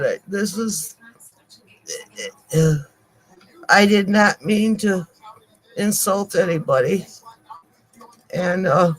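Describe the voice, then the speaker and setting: An older woman co-hosting a live stream, apologizing to viewers in halting speech with many pauses and repeated words. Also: mid-range voice, rough recording.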